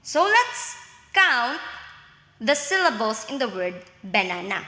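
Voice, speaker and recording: A woman's voice: a little high, expressive, normal speed, sharp tone. A woman teacher giving a recorded lesson, explaining step by step and often checking in with "okay?". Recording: echoey room with long reverb.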